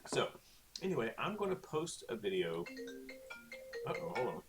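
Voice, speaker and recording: A man's voice: medium pitch, sing-song, moderate pace, music in the background. A male teacher talking casually through a recorded online lesson, with lots of okays and ums. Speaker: Spanish teacher.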